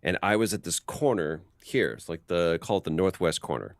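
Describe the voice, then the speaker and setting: A man as an interview guest, telling animated behind-the-scenes stories and acting out quotes with frequent restarts. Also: deep voice, a little fast, no echo, clean studio sound. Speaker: voice actor guest. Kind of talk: casual interview storytelling.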